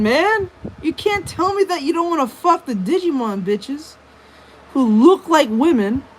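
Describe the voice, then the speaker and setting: High-voiced crude-joking woman streamer. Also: a little hiss or hum, low-quality recording. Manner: crude, joking, swears often. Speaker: streamer reacting to videos. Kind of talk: casual reaction commentary.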